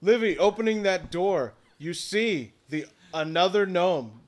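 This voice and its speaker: A man running a tabletop game as game master, describing scenes with pauses and "uh"s. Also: high voice, animated.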